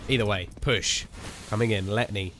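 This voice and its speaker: Man, solo caster for an online shooter match, quick play-by-play over game gunfire and clicks. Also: on the low side, noisy background. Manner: excitable play-by-play that slips into chat with viewers. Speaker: esports caster. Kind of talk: live game commentary.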